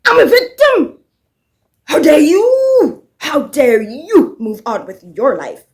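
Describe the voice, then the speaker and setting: A woman's voice: high voice, big pitch swings, takes it slowly, darkish tone, pitched above the performer's own voice, exaggerated voice. A woman putting on a shrieking, self-pitying young woman. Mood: melodramatic outrage. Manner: shrieking, melodramatic, mocking.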